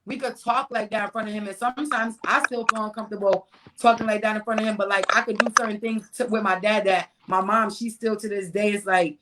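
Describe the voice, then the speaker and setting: A woman's voice: medium pitch, a little fast, a little hiss or hum, rough recording. A woman in her thirties, a mother, chatting casually in a group and acting out her family's lines as she tells stories. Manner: animated storytelling, acts out her family's lines. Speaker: mother of a teenage daughter.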